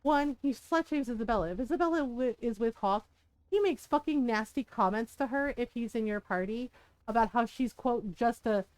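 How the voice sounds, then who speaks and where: A woman's voice: on the high side, moderate pace, a little mellow, dry recording. A woman game streamer in casual livestream chat, ranting heatedly, swearing often and breaking into laughs.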